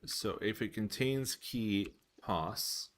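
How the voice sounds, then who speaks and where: A young man chatting casually on a live stream while coding, telling stories with a self-amused, animated manner. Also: takes it slowly. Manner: animated, self-amused storyteller with laughs and squeaky pitch jumps. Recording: faint music behind.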